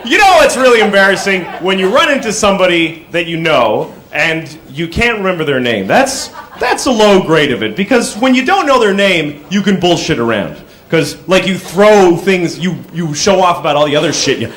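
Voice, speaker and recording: A man doing a stand-up comedy routine on stage, telling conversational stories and breaking into sudden shouted bits, recorded live in a club with audience laughter. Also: high voice, sing-song, a little fast, hardly any pauses.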